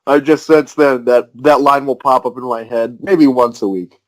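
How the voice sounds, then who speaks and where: Relaxed man musing as podcast guest. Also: medium pitch, moderate pace, poor audio. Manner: relaxed, reflective, restarts sentences. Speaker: guest TV writer. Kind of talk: casual podcast chat.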